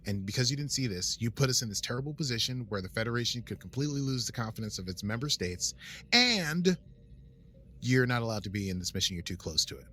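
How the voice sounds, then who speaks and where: A man co-hosting a podcast in casual chat, talkative, animated and self-deprecating. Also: mid-range voice, fast, slight background noise. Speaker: podcast co-host.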